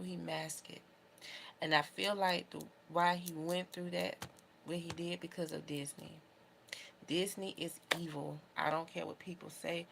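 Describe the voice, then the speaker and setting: Low gravelly-voiced woman vlogger. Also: background noise. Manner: emotional, heartfelt rambling. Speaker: beauty vlogger. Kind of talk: casual talk to camera.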